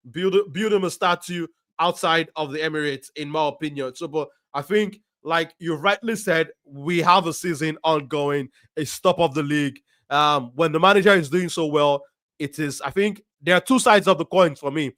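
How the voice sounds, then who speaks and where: A man hosting a football fan stream, reading out viewer comments and giving his opinion in a measured way, with frequent ums and restarts. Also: on the high side, fairly bright tone, no room sound, studio quality.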